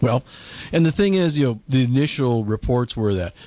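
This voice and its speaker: A man's voice: medium pitch, animated, moderate pace, no room sound. A man chatting casually as a podcast co-host, retelling events and acting out quotes in mocking voices. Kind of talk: casual commentary chat. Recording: lo-fi muffled audio.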